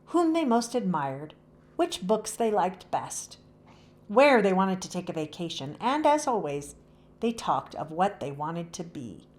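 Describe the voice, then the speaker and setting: Expressive woman reading a children's book. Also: lowish voice, measured pace. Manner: warm, expressive storytelling. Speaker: read-aloud host. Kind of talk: children's book read-aloud.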